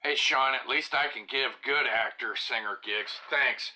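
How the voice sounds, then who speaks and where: A man's voice: mid-range voice, a little slow. A man casually chatting on a live stream, reading viewer comments aloud and poking fun at himself, sometimes dropping to a whisper. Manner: chatty and self-mocking, drifting into soft whispered asides.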